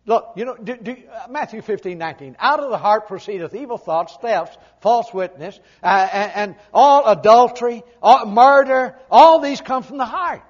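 Older preacher with a folksy humorous sermon. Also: male voice, animated, normal speed, lo-fi sound. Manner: folksy storytelling, swings from loud emphasis to low asides.

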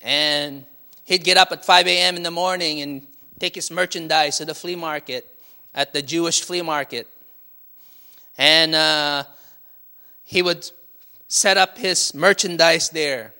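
A man's voice: on the high side, steady tone, a little slow, vocal fry, pauses often, pushed and bright. A man preaching a sermon as pastor, with frequent call-and-response and light laughter. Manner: call-and-response, asking "Amen?" and laughing often.

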